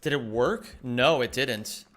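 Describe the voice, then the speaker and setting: A man's voice: medium pitch, slow, fairly bright tone, slight background noise. A man streaming live, chatting casually with his viewers, greeting them by name and swearing freely as he plays.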